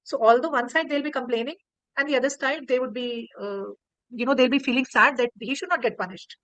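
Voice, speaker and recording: A woman's voice: sits high, brisk, no room sound, lo-fi sound. Indian woman telling a devotional story. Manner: animated, repeats words while telling. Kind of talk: online class storytelling. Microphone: video call.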